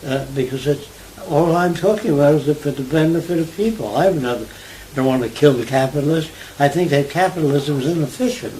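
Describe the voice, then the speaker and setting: A man's voice: fairly high pitch, brisk, a little hiss or hum, low-quality recording. Older man. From New York. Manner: animated storyteller, asks listener if they follow. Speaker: interviewee. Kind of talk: conversational interview.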